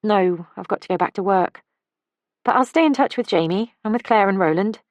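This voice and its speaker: A woman voicing an earnest, warm-hearted young woman who speaks insistently. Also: mid-range voice, a little fast, no echo, pitched above the performer's own voice, natural voice.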